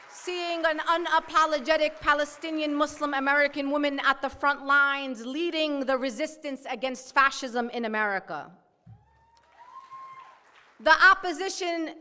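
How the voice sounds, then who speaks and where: A high, bright woman's voice with a New York accent rings out in a bold, impassioned keynote speech. She speaks outspokenly from a podium, and a long hall reverb trails each phrase. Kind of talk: fiery political speech. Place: banquet hall.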